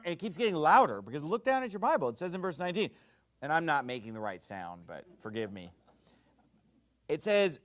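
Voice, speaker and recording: A man preaching an expository sermon, animated and folksy, often checking in with his listeners. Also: a little high, moderate pace.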